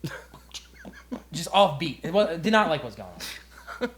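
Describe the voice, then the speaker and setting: A young man co-hosting a podcast, telling a story in a casual, comedic way. He talks with animated delivery, lots of swearing and laughter. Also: a little high, slow, a little hiss or hum. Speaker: podcast co-host. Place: quiet room.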